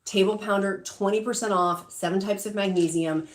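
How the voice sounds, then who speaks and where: A woman's voice: medium pitch, fairly even intonation, moderate pace. A middle-aged woman hosting a shopping livestream, chatting casually and emotionally as she reads out viewer comments, with many fillers. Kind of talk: casual live-stream chat reading comments.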